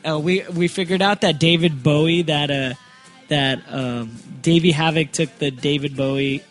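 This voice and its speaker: A man's voice: a little high, normal speed, soft background music. A man hosting a casual podcast, rambling through his stories with enthusiasm and plenty of stumbles. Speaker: podcast host. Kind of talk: casual chat.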